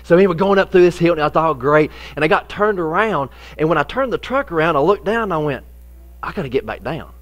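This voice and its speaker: Folksy preacher telling a story. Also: male voice, fairly high pitch, quick pace, hardly any pauses. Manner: folksy storytelling, animated in the funny parts, softer when serious. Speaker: pastor. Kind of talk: sermon with personal story.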